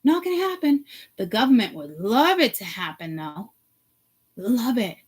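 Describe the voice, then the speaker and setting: A woman's voice: on the high side, big pitch swings, unhurried, breathy edge, poor audio. Woman ranting, profane and heated. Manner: profane, heated and blunt, swings from hushed to loud. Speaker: vlogger. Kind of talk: ranting to camera.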